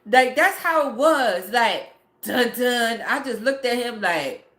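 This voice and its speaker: A woman's voice: fairly high pitch, expressive, unhurried, a bit bright. A woman in her forties, a mother, telling a family story in blunt, profane, filler-heavy casual talk. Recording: roomy echo.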